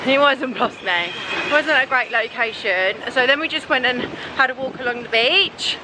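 A woman's voice: sits high, moderate pace. Young woman, vlogger, loose chatty delivery, handheld camera with light ambient noise. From England. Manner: chatty, swears casually, lots of fillers. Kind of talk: casual vlog chat.

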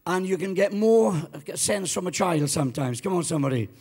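Husky-voiced Welsh preacher in his seventies. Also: high voice, animated, a little fast, a little mellow. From Wales. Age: 70s. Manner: exuberant storyteller, rallies the crowd. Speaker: guest pastor. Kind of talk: sermon. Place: church.

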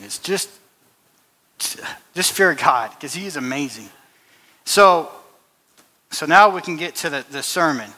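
A man's voice: a little high, sharp tone. A man preaching a sermon and telling a personal story, earnest, with frequent restarts and repetitions. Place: church hall. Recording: long hall reverb.

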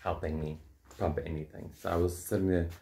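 A low-voiced man with a South African English accent talks straight to the camera. He tells a personal story in a casual, joking way and swears freely. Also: fairly quick, creaky. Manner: swearing, joking, animated retelling. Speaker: vlogger.

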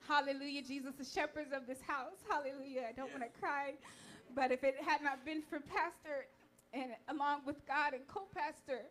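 A young woman with a noticeably high voice speaks to a church congregation. She moves between grateful acknowledgments and measured scripture reading, steady and earnest. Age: young adult. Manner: fervent tearful prayer, then warm measured preaching. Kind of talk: sermon. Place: church sanctuary.

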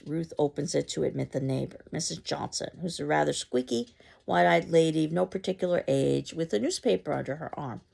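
A woman's voice: sits low, gravelly, mellow. A woman explaining a play to a class and reading its stage directions aloud, with frequent fillers.

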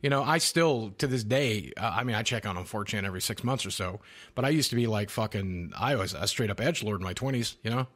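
A man's voice: lowish voice, quick pace, a bit bright. A man guesting on a podcast over a group call, talking bluntly and rambling through profane stories. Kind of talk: casual podcast chat. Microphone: call-in mic on a group voice call.

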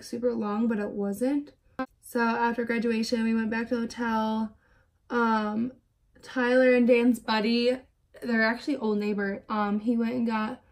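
A young woman with a slightly high voice chats her way through a makeup routine for her vlog. Her stories ramble, packed with "like," and she sounds openly fed up when she complains. She is talking casually to camera at home. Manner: rambling, lots of filler "like"; exasperated, venting. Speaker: beauty vlogger. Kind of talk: chatty get-ready-with-me storytelling.

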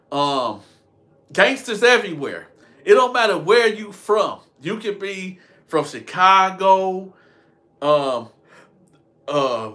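Bright-voiced man telling rambling stories. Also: sits high. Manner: rambling, slangy, laughs at his own stories. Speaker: storytelling vlogger. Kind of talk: casual storytime monologue.

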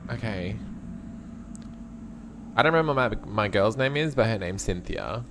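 A young gaming streamer narrates his gameplay live, camp and sassy, swearing freely and breaking into shrieks and laughter. His voice is on the low side with lively intonation and a moderate pace, over a noisy background.

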